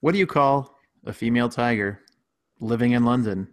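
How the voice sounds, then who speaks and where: A man on a casual comedy podcast, telling corny jokes deadpan and chuckling at them. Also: mid-range voice, normal speed. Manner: chuckling, deadpan joke-teller. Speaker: podcast co-host.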